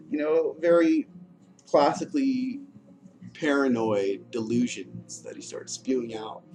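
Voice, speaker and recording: A man in his thirties telling his own story in a frank, halting way, full of fillers, restarts and the odd curse. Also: mid-range voice. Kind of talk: candid personal monologue. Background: music playing.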